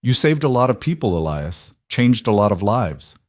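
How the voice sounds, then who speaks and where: A man's voice: on the low side, very animated, moderate pace, darkish tone, no echo, clean studio sound. A man voicing a tender frontier wife. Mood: gentle.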